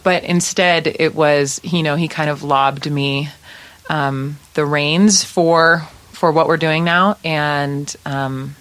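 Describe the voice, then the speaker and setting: Low-voiced woman chatting as a guest. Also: steady tone, a bit bright. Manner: chatty, storytelling, quick asides. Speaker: musician guest. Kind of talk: casual interview chat.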